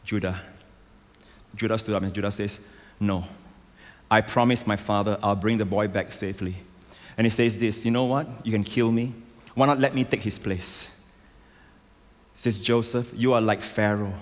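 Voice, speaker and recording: A man preaching a sermon as a pastor, emphatic and rising to loud exclamations, on a stage microphone in a large church. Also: fairly low pitch, steady tone, normal speed, long pauses. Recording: long hall reverb.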